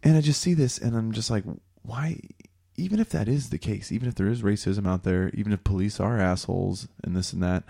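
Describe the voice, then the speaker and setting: Man, lowish voice, rambling casual talker, animated. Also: brisk, creaky, breathy edge. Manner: rambling, animated, lots of "you know". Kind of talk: casual chat.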